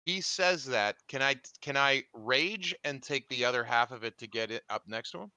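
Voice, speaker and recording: A man's voice: medium pitch, lively intonation, normal speed, sharp tone, clear, resonant tone, no echo. A man playing a tabletop game over a video call, chatting casually and thinking aloud about his moves. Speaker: player. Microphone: video call mic.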